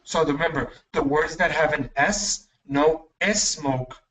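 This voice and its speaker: A man's voice: a little high, fairly bright tone. Patient man teaching, a bit distant. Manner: patient, encouraging, repeats words slowly. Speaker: English teacher. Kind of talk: online class instruction.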